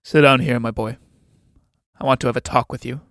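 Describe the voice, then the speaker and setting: A man reading a play aloud, playing an older, domineering military captain who speaks in a measured, condescending, commanding way. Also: mid-range voice, steady tone, a bit bright, dry recording, studio quality, natural voice.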